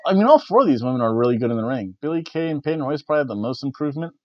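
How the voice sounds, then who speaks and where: A man's voice: on the high side, darkish tone, dry recording. A man hosting a casual wrestling review, rambling and correcting himself with the odd chuckle. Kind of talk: casual spoken event review. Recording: dry, slightly dull lo-fi audio.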